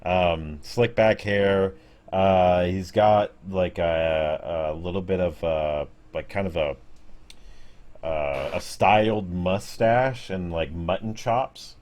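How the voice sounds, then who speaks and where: A man's voice: deep voice, takes it slowly, darkish tone. A man narrating a tabletop game as game master, hesitant and correcting himself as he describes the scene. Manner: hesitant, many fillers and self-corrections.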